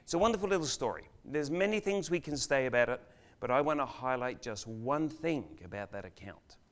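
An older man preaching a sermon as a guest speaker in a church, telling a story with dramatic pauses and swings between loud and hushed delivery. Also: medium pitch, lively intonation.

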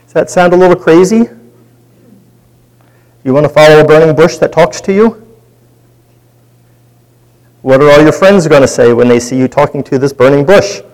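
A man's voice: on the high side, normal speed, pauses often, darkish tone, low-quality recording. A man leading a Bible study, teaching in a conversational way and putting questions to his group.

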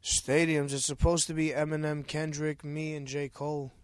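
A man with a New York accent talks in loud, profane, laughing bursts, his voice sitting a little high for a man. The sound is close and dry, with no room around it. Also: little pitch movement, moderate pace, clear, resonant tone, dry recording. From United States. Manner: loud, laughing, swears freely. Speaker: rapper and guest. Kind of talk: casual profane banter.

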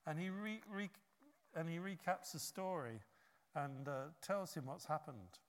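A man preaching a sermon, telling a story with lively acted-out quotes. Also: a little high, a little slow, big-room sound. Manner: animated storytelling, acts out quotes.

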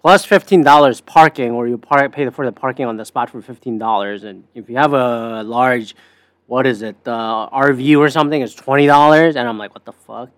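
A man's voice: medium pitch, moderate pace, a bit bright, no room sound. A man hosting a podcast, rambling through a sarcastic, profanity-laced casual monologue. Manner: rambling, sarcastic, swears a lot. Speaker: podcast host.

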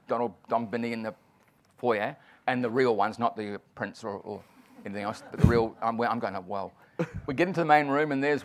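A man from New Zealand, a comedian, telling an anecdote on a panel in front of an audience, doing quick voices for the people in it. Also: medium pitch, fairly bright tone. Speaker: guest comedian and author. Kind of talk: storytelling on a panel. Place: venue with live audience.

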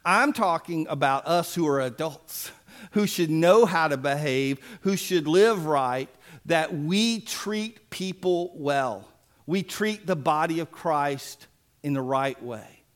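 A man's voice: a little high, expressive, slow pace. A man preaching a sermon as pastor, folksy and emphatic with playful asides.

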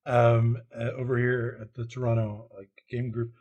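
A man co-hosting a board game podcast, talking in casual, expressive chat and laughing readily. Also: mid-range voice, moderate pace, dull audio. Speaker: podcast co-host.

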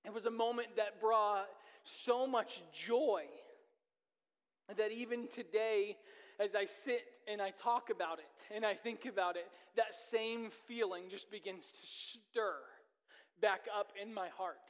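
A man with a fairly high voice preaches a sermon in a church, telling a personal story earnestly. His pace swings between rushed and drawn out, and the long reverb of the hall trails after each phrase. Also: fairly even intonation. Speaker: pastor. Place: church sanctuary.

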